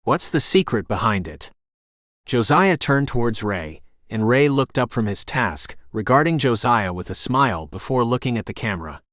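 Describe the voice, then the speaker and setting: Reading scripted narration, a steady male narrator keeps a moderate pace and barely pauses. His voice sits in the mid range, captured in clean, dry studio sound.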